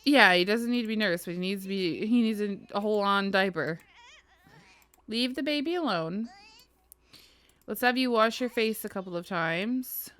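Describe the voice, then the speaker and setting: A woman's voice: medium pitch, moderate pace, fairly bright tone. Casting note: woman, let's-play host, chatty and giggly commentary, mid-range voice, talks to her characters. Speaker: gaming video host.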